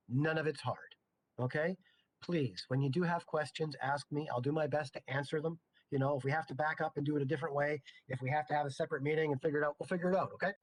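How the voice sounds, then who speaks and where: A middle-aged man teaching a chemistry class in a casual, joking way, full of chatty asides. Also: a little high. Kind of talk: casual lecture.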